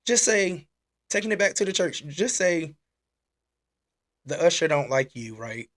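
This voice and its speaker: A man hosting a casual church-style live talk. He is animated and exclaiming, and he repeats his questions. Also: fairly high pitch, measured pace. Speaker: host. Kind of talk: casual preaching live stream.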